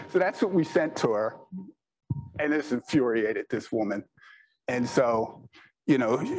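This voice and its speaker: A man's voice: mid-range voice, poor audio. A man telling business anecdotes in a rambling, chatty way, leaning on "you know" and laughing at his own stories. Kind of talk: anecdotal storytelling talk.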